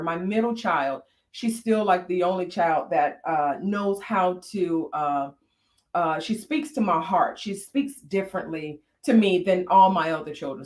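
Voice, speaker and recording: A woman's voice: fairly low pitch, a little mellow, echoey room. A woman co-hosting a candid conversation about marriage, telling personal stories. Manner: reflective, storytelling with frequent fillers. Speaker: podcast co-host.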